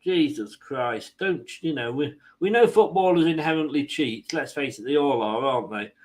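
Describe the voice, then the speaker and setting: A man's voice: fairly high pitch, expressive, moderate pace, a little mellow. A man hosting a football watchalong stream, mixing live match commentary with rambling, self-mocking jokes.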